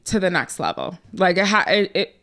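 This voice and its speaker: A woman co-hosting a casual podcast, with a low voice that is smooth and resonant. She talks in a blunt, laid-back way and swears without a second thought. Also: sing-song, a little fast, a bit bright. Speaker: podcast co-host. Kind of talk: casual chat.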